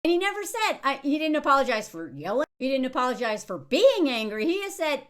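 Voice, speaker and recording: A woman in her thirties talks through a reality show in a loose, chatty way. Her voice sits high and swoops a great deal. She slips into mocking impressions whenever she quotes someone. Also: a little fast, hardly any pauses. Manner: animated, quoting others in mocking voices. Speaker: commentator reviewing a reality show. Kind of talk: casual commentary.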